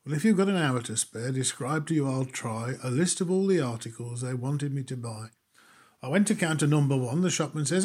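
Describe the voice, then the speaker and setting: A man's voice: mid-range voice, animated, brisk, darkish tone, slightly rough. A man performing a music hall comic monologue, telling his story in rhythmic, exasperated patter.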